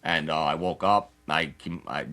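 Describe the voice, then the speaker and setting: A young man in his twenties, a podcast guest telling a candid personal story in a loose, rapid way, acting out what others said. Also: a bass voice, pushed and bright. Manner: rapid, loose storytelling full of "like" and acted-out quotes.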